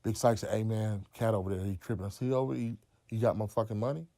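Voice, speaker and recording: Gravelly guy spinning a cussing story, acting out all the quotes, dry close sound. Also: fairly low pitch, quick pace, no echo. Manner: profane, acts out quotes loudly. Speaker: interview guest. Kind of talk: animated storytelling.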